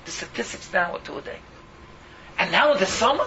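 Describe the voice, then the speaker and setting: A man's voice: high-pitched, animated, fairly quick, lo-fi sound, background noise. A man preaching an impassioned sermon, pleading and fiery, weaving Yiddish and Hebrew words into his English.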